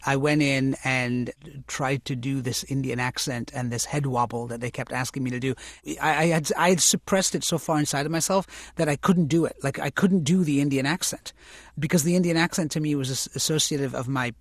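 A man's voice: mid-range voice, brisk, no echo. Thoughtful man in an interview, dry sound. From United States, immigrant family. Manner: thoughtful, self-correcting, animated when recounting stories. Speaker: interview guest, actor and author. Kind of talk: reflective interview conversation.

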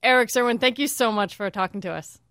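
Woman radio host, slightly high voice, dead-dry studio sound, friendly, teasing. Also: fast, fairly bright tone, no room sound. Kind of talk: radio interview hosting.

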